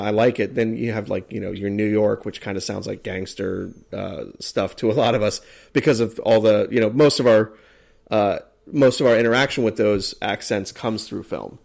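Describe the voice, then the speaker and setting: A man's voice: lowish voice, gravelly, darkish tone. A man from the United States chatting casually as a podcast co-host, rambling with many fillers and restarts. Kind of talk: casual chat.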